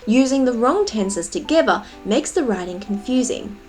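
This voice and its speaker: Animated woman explaining grammar. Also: a little high, moderate pace, faint music behind. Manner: reads example sentences aloud with expression. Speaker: writing tutor. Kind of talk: tutorial narration.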